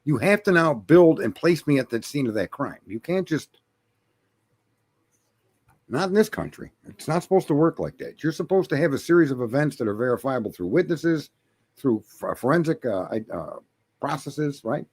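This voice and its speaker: Animated man arguing his point in chat. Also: mid-range voice, moderate pace, breathy edge. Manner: animated, argumentative, laughs at his own stories. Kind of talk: casual chat.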